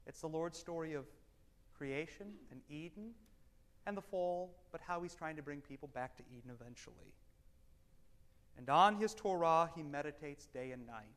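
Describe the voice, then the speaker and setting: A man teaching a Bible study class, animated and wry, swinging between loud emphasis and quiet asides. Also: sits high. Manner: wry, self-deprecating humor.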